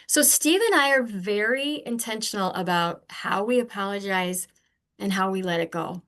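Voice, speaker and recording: Older lady telling earnest stories, animated, middle pitch, acts out old arguments. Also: moderate pace. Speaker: podcast guest. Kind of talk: candid conversational storytelling.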